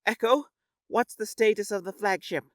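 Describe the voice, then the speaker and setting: A man voicing a calm, focused woman captain giving steady, sharp commands in an audiobook. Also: sits high, normal speed, dry recording, clean studio sound, pitched above the performer's own voice.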